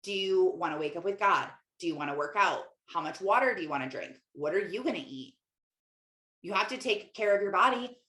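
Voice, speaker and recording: A woman's voice: on the low side, expressive, brisk, pushed and bright. A young adult woman, a Christian life coach and podcast host, talking candidly in a casual monologue full of "like" fillers. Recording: echoey room.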